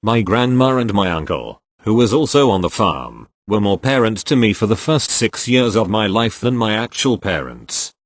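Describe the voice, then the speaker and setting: Reading scripted online posts aloud, a man keeps a plain, factual delivery and pronounces each abbreviation letter by letter. He speaks low but with plenty of pitch movement. There is no echo or room sound, just a close, dry recording.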